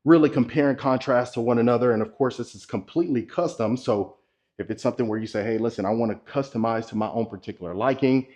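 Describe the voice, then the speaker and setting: A man's voice: lowish voice, a little mellow. A man hosting a casual walking tour of a model home, chatty and salesy, talking straight to his viewers. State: a bit out of breath. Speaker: real estate tour host. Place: inside and around a model home.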